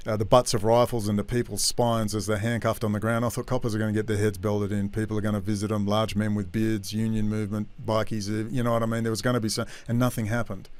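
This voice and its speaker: A man's voice: on the low side, darkish tone, clear, resonant tone, dry recording. An Australian man hosting a casual live-stream chat, talking in a rambling, blunt, slangy way. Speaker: host of a live online chat.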